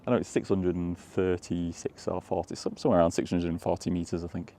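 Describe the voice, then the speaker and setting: A walking tour vlogger rambles and chuckles as he strolls through countryside fields and lanes outdoors, giving casual commentary. His voice is low and dark, with little pitch movement, and he talks fairly quickly.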